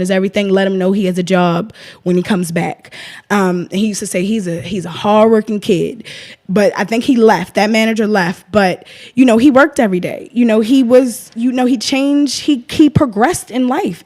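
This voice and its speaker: A woman's voice: mid-range voice, a little mellow. A woman, speaking as a guest in an emotional interview, impassioned and defiant, often retelling what others said.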